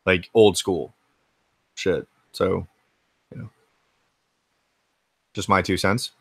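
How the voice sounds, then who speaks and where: A man's voice: sits low, fairly even intonation, slow pace, vocal fry, breathy edge, dry recording. An American man hosting a casual retro gaming livestream from his home game room, laid-back and rambling, swearing freely as he answers chat. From United States.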